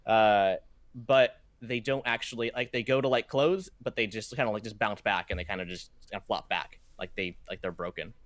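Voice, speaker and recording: A man's voice: on the low side, fairly even intonation, normal speed, a bit bright, no echo. A young man running a tabletop game as game master, rambling through his narration with many restarts. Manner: rambling, full of fillers and restarts, laughs at himself.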